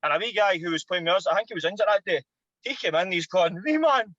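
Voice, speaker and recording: A Scottish man in his thirties, a former footballer and podcast guest, telling an animated, sweary anecdote. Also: high-pitched, fast, no echo, muffled recording. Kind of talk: casual storytelling.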